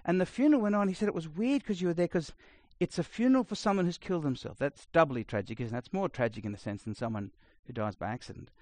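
A middle-aged man preaching a sermon, blunt and conversational, swinging between loud emphasis and quiet asides. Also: on the high side, expressive, fast, hardly any pauses, no room sound. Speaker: pastor.

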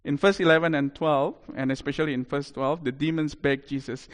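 A male preacher delivering a sermon in a fairly high voice. He tells the story animatedly, rising and falling in loudness, and the sound carries a long hall reverb. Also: fairly even intonation, a little fast, few pauses.

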